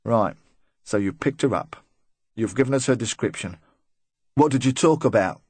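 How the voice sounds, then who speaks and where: Man playing a brisk, pressing police questioner. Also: mid-range voice, expressive, darkish tone, husky, dry recording. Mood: probing. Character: brisk, probing male police interrogator.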